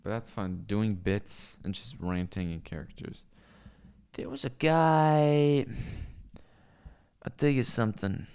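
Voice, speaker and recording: A man's voice: fairly low pitch, vocal fry, darkish tone, smooth. A man streaming live, rambling profanely and forgetfully between comic bits. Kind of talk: casual ranting livestream.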